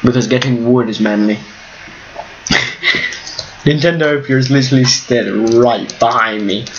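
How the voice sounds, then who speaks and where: A goofy, excitable man giving casual commentary while playing a block-building game at home. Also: medium pitch, a little slow, lo-fi sound, slight background noise. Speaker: Minecraft let's player. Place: room at home.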